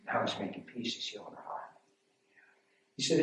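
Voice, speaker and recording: A man preaching and telling his own testimony, emotional and storytelling, swinging between loud and hushed. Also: mid-range voice, steady tone, normal speed, long pauses, dull audio. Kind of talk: sermon. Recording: echoey hall from far off with faint noise.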